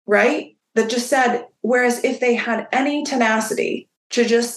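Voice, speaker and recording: A woman business owner telling stories in a relaxed interview, slipping into the voices of the people she quotes. Her voice has a gravelly edge. The room around her sounds roomy and echoey. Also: fairly high pitch, normal speed, few pauses. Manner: animated, acts out quoted dialogue. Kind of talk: casual interview storytelling.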